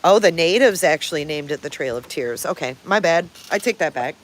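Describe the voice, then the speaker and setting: A woman's voice: sits low, animated, a little fast, a little hiss or hum. An older woman hosting a casual livestream, greeting viewers and answering their comments in a blunt manner, swearing freely and chuckling often. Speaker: livestream host.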